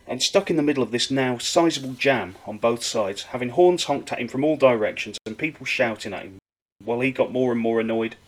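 A man telling a comic anecdote with wry, animated delivery. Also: medium pitch, low-quality recording. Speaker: storyteller.

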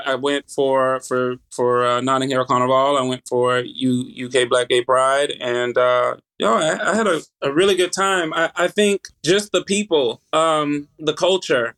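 A man in his thirties with a Southern US accent, chatting as an interview guest, lively, with halting restarts and easy laughter. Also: medium pitch. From United States. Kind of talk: casual interview chat.

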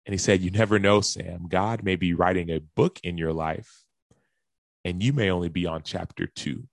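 A man's voice: sits low, normal speed, gravelly, no room sound. A man, a professional athlete, earnestly telling a personal story in a speech and acting out the lines and gasps of the people in it.

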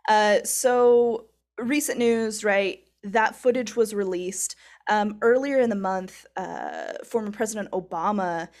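A woman's voice: medium pitch, steady tone, unhurried, a little mellow. A woman co-hosting a podcast, explaining topics in a loose, rambling way with lots of fillers. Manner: rambling, many fillers and giggles. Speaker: podcast co-host. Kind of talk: casual chat.

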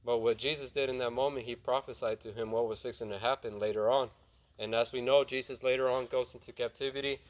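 A man's voice: mid-range voice, steady tone, fast talker. A young man preaching a casual sermon, retelling a Bible story in plain talk, asking his listeners questions and acting out the lines of the people in it. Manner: conversational, asks the audience questions, acts out dialogue. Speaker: youth preacher.

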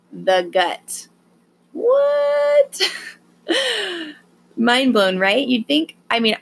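A woman hosting a podcast, talking casually and gently with frequent fillers, then guiding a calm meditation. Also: mid-range voice, creaky. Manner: slow, gentle, soothing delivery with fillers. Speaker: podcast host.

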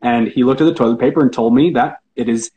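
A man's voice: medium pitch, quick pace, dark tone, rough recording. A man answering interview questions, earnest and optimistic, often hesitating and restarting. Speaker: interview guest, hospitality professional.

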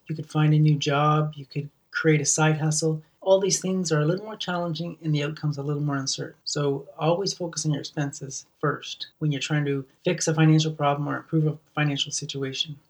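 Man, podcast host, solo monologue, earnest, fairly high voice, some distance from the mic. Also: level tone, a little fast, creaky, few pauses. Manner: earnest, repeats words and restarts often.

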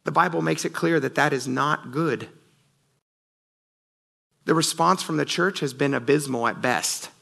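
Pastor guy giving a sunday sermon, bright clear voice, earnest storyteller, keeps saying you guys. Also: a little high, measured pace, pauses often.

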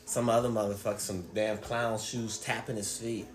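A man telling stories in casual chat, profane and animated, acting out what people said. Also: fairly low pitch, moderate pace, reverberant. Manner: profane, animated storyteller who acts out quotes.

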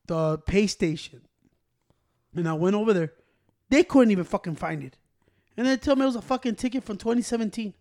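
Guy ranting fast and loud, high voice, swears a lot, drops spanish words. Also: animated. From Chicago area. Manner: profane, heated storytelling, switches into Spanish. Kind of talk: casual chat.

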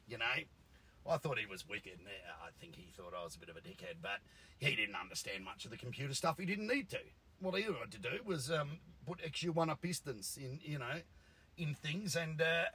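A man's voice: medium pitch, pushed and bright, breathy edge, low-quality recording. A man, a car tuner ranting bluntly and swearing in a casual monologue. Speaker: engine tuner.

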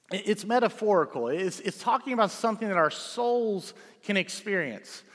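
A man's voice: high-pitched, fairly bright tone. A male pastor preaching a sermon in a church, reading scripture and talking in a conversational way with frequent "right?" checks. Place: church sanctuary. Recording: long hall reverb.

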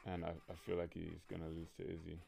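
A man's voice: sits low, completely flat delivery, quick pace, creaky, warm tone. A man co-hosting a casual podcast chat, giving brief, questioning replies. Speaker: podcast co-host.

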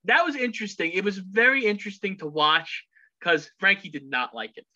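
Co-host, bright forceful tone, quick and chatty, lo-fi recording. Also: medium pitch, animated. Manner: quick, chatty, quotes movie lines. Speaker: podcast co-host. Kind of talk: casual chat. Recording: dull lo-fi sound.

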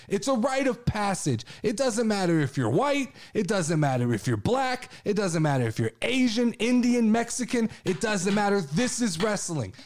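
A man with a fairly high voice hosts a casual chat show. He rants with excitement and swears freely, and his energy keeps rising. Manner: excitable, profane ranting. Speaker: podcast host.

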